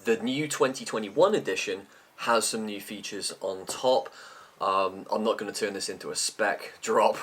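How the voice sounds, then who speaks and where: A man's voice: fairly low pitch, a bit bright, slight background noise. A middle-aged man vlogging in an unscripted, rambling chat about tech, sometimes talking with his mouth full.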